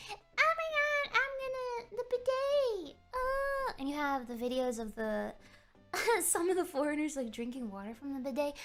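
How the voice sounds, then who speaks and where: A young woman streaming, telling a rambling story in a giggly, animated way. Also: sits high. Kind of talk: casual chat. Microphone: streaming microphone.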